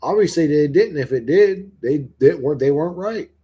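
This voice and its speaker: Husky-voiced man rambling on a stream. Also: a little high, animated, moderate pace, dark tone, dull audio. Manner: rambling, profane, questioning. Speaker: livestreamer. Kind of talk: casual livestream chat answering viewers.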